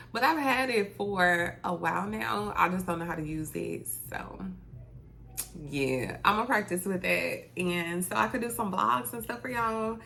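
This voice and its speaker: A woman's voice: medium pitch, measured pace, gravelly, pushed and bright, a little hiss or hum. A woman, a beauty vlogger chatting to her viewers in a talkative, heartfelt way. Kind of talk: casual chat to camera.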